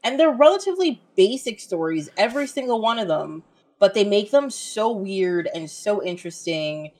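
A woman's voice: mid-range voice, lively intonation, moderate pace, a little mellow. A woman co-hosting a casual film chat, talking in loose rambling sentences full of fillers and restarts. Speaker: podcast co-host.

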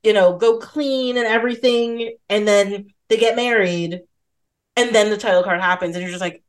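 A woman hosting a casual film podcast, talking in an animated way and acting out scenes in quoted voices. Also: medium pitch, moderate pace. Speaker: podcast host.

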